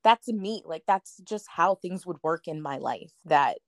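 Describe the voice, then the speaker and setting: A woman telling a personal story as an interview guest, animated, acting out the voices of the people she quotes, with lots of "like". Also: lowish voice, a little slow, no room sound, clean studio sound. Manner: frequent "like" fillers.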